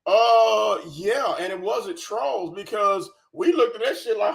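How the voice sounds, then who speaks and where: A man's voice: sits high, slow, gravelly, few pauses. A man hosting a reaction commentary, profane, scornful and sarcastic. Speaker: commentary channel host.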